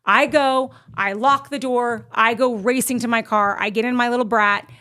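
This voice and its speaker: A middle-aged woman tells a story in casual chat, her voice sitting a little high. She is animated and slips into acting out what she once said. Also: normal speed. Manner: animated, acts out her own past lines. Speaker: guest storyteller.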